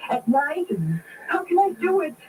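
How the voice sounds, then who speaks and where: An actress playing a frightened woman stranded on a dark road, stammering and panicky, in an old radio drama with a noisy recording. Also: extremely high pitch, moderate pace. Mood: reproachful.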